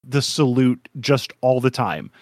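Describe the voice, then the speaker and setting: A man's voice: mid-range voice, expressive, measured pace, no room sound, clean studio sound. A man co-hosting a casual podcast, rambling with lots of fillers and frequent laughter. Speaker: podcast co-host.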